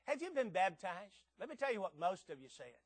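A man preaching a sermon in an emphatic way, repeating words and asking rhetorical questions, with loud peaks. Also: sits high, very animated, fairly quick, husky, no room sound.

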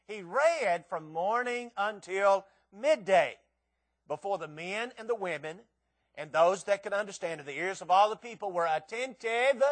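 A man's voice: sits high, fairly bright tone. A man preaching a sermon, reading scripture and telling a folksy, humorous story with acted-out voices.

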